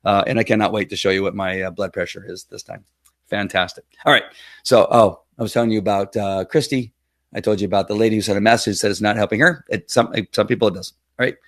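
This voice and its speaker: A man's voice: on the low side, fairly even intonation, fast, fairly bright tone, dry recording, clean studio sound. A middle-aged man hosting a casual livestream, talking in an earnest, rambling way with many fillers and restarts. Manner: earnest and emotional. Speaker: livestream host.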